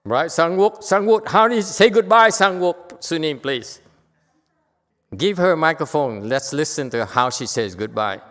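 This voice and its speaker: A man's voice: on the high side, expressive, moderate pace, a bit bright. A man giving a Buddhist dharma lecture in a temple hall, talking to the audience in a teasing, conversational way and asking them questions. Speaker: Buddhist teacher.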